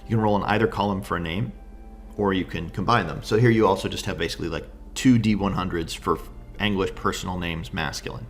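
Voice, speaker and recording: Gravelly low-voiced man reviewing game books. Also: steady tone, a little fast, faint music behind. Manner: enthusiastic, thinks aloud with many "right?"s. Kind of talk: casual review talk.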